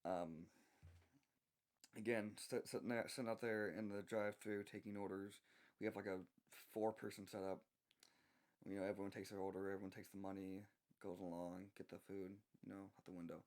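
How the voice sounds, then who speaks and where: Young Southern man, lowish voice, soft-spoken storyteller, halting restarts. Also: flat delivery. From American South. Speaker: voice actor telling a work story. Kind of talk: unscripted storytelling.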